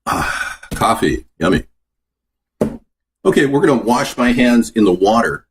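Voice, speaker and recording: Lively, low-voiced man hosting a cooking show. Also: unhurried, a little hiss or hum. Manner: chatty, answers viewer comments. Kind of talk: casual live-stream cooking chat. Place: home kitchen.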